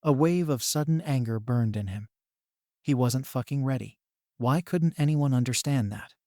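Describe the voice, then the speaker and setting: A man narrating a fan-written story in a steady, even reading. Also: medium pitch, normal speed, no echo, clean studio sound.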